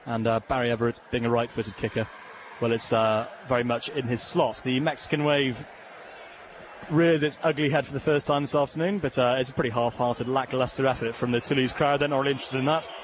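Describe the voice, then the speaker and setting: A man giving play-by-play rugby commentary, calm in lulls and rising to excited shouting when the play breaks open. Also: medium pitch, a little fast, lo-fi sound. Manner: rises to excited shouting on big plays. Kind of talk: sports commentary. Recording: broadcast with stadium noise behind.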